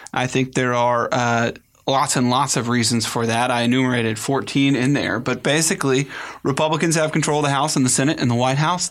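A man's voice: mid-range voice, fairly bright tone. A man co-hosting a political talk show, speaking earnestly with frequent ums and restarts. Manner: earnest, hesitant with many fillers. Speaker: podcast co-host.

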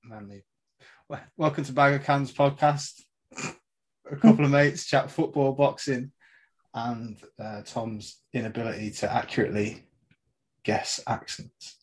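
A man's voice: mid-range voice, steady tone, normal speed, a little mellow. A young man hosting a casual football podcast, chatting in a laid-back way with plenty of swearing. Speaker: podcast host. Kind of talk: casual chat.

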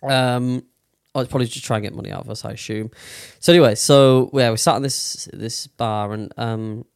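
A man's voice: medium pitch, fairly even intonation, fairly quick, gravelly, smooth, no room sound, studio quality. A young man casually telling a long story on a podcast, with lots of swearing and fillers. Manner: swears a lot, rambling with many fillers. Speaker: podcast co-host.

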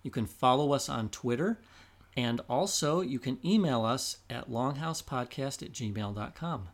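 A man's voice: medium pitch, animated, moderate pace. A man co-hosting a history podcast, chatting casually, explaining and reading out listener names. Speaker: podcast co-host.

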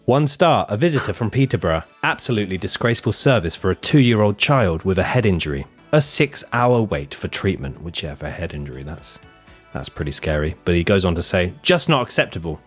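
A man hosting a podcast in casual chat, reading reviews aloud in a lively, jokey way. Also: deep voice, fairly quick, husky, faint music behind. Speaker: podcast host.

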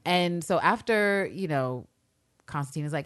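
A woman co-hosting a podcast, chatting casually about a TV episode, animated and profane, acting out the characters' lines as she goes. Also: low voice, measured pace. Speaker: podcast co-host. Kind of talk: casual TV recap chat.

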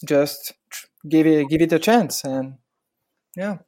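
A man's voice: on the high side, takes it slowly, warm tone. A man in his thirties from France with a French accent, a wedding photographer answering interview questions in a hesitant way, searching for words. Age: 30s.

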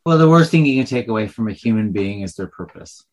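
A man's voice: on the low side, animated, fast talker, a little mellow. A man in a casual podcast chat, talking in a thoughtful, rambling way and tagging on "sort of thing". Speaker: podcast co-host.

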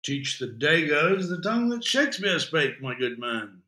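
A man's voice: on the high side, very animated, moderate pace, bright, forceful tone. Man putting on a pompous, theatrical young teacher. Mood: wistful. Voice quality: theatrical and grandiloquent. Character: brash, pompous young male English teacher.

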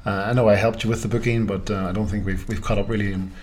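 A man's voice: on the low side, level tone, fast, a little mellow. A man, a golf sales manager, answering interview questions in a friendly, hesitant way with many ums and uhs. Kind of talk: casual interview chat.

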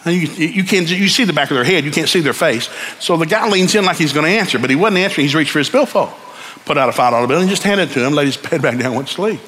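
A man preaching a sermon in a church, telling stories in an animated way and building up to shouts. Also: on the high side, fast talker. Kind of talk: sermon with storytelling.

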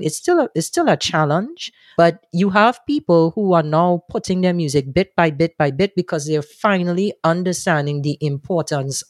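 A man answering interview questions, thoughtful and animated, often restarting his sentences. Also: on the high side, no echo, clean studio sound. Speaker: guest, soca music commentator.

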